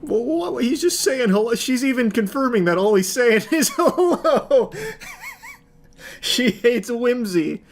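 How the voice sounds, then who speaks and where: A man's voice: very high voice, lively intonation, unhurried. A man giving casual reaction commentary with sarcastic jokes and laughing asides.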